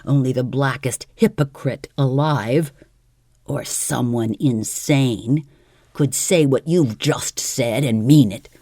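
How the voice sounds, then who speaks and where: A woman's voice: very deep voice, slow pace, mellow, dry recording, studio quality, heavily acted. A woman voicing a grieving, desperate man, pleading and anguished in his speech.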